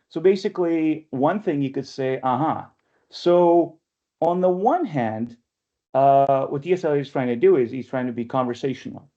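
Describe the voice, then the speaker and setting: A man leading an online poetry workshop in a conversational lecturing style, often checking in with listeners and slowing down to read verse aloud. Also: fairly high pitch, warm tone. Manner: chatty, often checks in with "right?"; reads verse aloud slowly and deliberately. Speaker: workshop leader and press editor. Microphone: webinar computer mic. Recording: dull lo-fi webinar audio.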